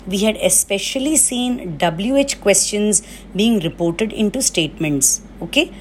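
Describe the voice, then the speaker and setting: A woman's voice: mid-range voice, animated, a little slow, a little mellow, a little hiss or hum. A woman teacher giving a recorded grammar lesson, explaining patiently and checking in often with "okay?".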